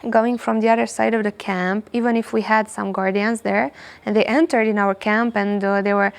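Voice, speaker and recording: A young woman, telling a story as a podcast guest in a hostel, animated and repeating herself often. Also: medium pitch, moderate pace, gravelly. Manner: animated, repeats words, frequent "you know". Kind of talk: casual storytelling in English.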